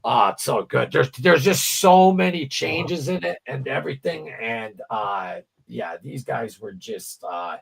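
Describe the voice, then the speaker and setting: A man's voice: medium pitch, animated, a little slow, gravelly, hardly any pauses, slightly rough. A man co-hosting a livestream, chatting casually about music, rambling and stammering, with frequent swearing. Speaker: livestream co-host.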